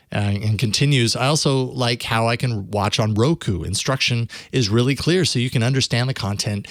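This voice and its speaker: A man hosting a tech news show in a loose, chatty way, full of fillers and restarts. His voice sits at a middling pitch. The sound is close and dry. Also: no room sound. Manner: relaxed, conversational, with many fillers and restarts. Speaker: host. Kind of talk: podcast host reading an ad and interviewing.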